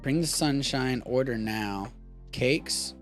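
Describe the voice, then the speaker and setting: A man's voice: medium pitch, slow pace, soft background music. A young man from Texas hosting a live stream, chatting casually and riffing with profanity. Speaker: host of a live streamed show.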